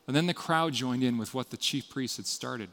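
A man's voice: medium pitch, normal speed. Man preaching in a reverberant hall. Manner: storytelling, dramatic shifts between loud and hushed. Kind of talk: sermon.

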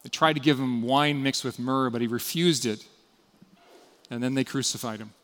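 A man's voice: medium pitch, moderate pace. Man preaching in a reverberant hall. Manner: storytelling, dramatic shifts between loud and hushed. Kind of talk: sermon.

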